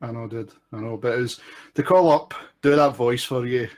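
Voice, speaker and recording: A man calling in to a live stream, speaking earnestly and haltingly, repeating himself. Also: medium pitch, a little mellow, a little hiss or hum. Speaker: caller.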